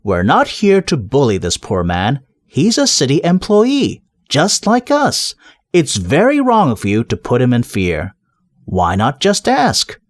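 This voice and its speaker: A man voicing an earnest, polite young male watch captain who speaks gently. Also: mid-range voice, wildly swooping pitch, a little slow, no room sound, clean studio sound. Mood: courteous. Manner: gentle, courteous.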